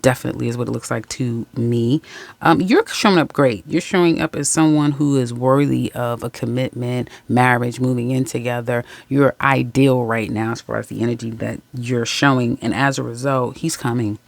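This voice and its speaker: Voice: medium pitch, fairly even intonation, normal speed, gravelly, no echo. A tarot reader giving a casual general reading to viewers, chatty and candid, often laughing and correcting their own slips, calling listeners guys, ladies and baby.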